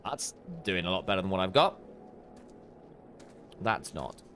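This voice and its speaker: A man's voice: sits low, measured pace, slight background noise. Chatty man commenting on gameplay. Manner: relaxed, chatty, muttering to himself. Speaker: streamer.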